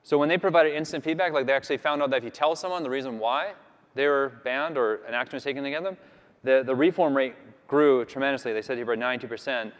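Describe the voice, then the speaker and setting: In a big conference hall with long reverb, a Canadian man with a mid-range voice talks at a quick pace. His casual talk features a live demo and wanders chattily, heavy on fillers.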